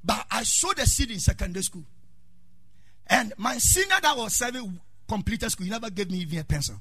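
A middle-aged Ghanaian pastor booms through his sermon, his high voice leaping and swooping as he chants and shouts to the congregation. His tone is bright and a little husky, and the sound is dry and close. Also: expressive, fairly quick, dry recording. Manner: preaching with call and response, sing-song shouting, storytelling.

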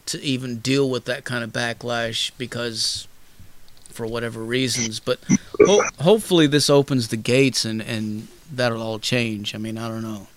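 Hosting a casual interview, a man rambles loosely, swears freely, and uses plenty of fillers. His voice is medium-pitched, fairly even in intonation, at a moderate pace.

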